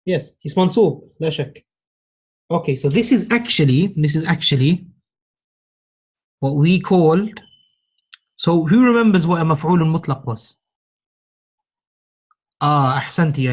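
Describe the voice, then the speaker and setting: A man's voice: fairly high pitch, a little mellow. A man teaching an Arabic grammar class, patiently repeating key phrases and praising his students. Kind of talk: classroom lesson.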